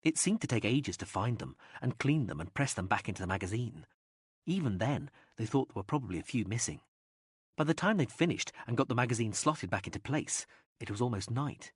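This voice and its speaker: Expressive man narrating an audiobook. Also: medium pitch, brisk, husky, no room sound, clean studio sound. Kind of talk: scripted narration.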